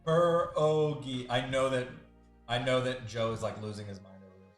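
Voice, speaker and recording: A man's voice: medium pitch, steady tone, normal speed, soft background music. A man who draws on a live stream, chatting casually with lots of giggling and rambling asides. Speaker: sketch artist streaming live.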